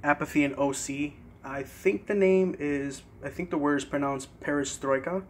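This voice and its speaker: A young man casually showing his CD collection in a vlog, relaxed and a bit hesitant, pausing over tricky words. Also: a little high, slight background noise. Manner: relaxed, hesitant with fillers and careful pronunciation. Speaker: vlogger. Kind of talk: casual CD collection show-and-tell.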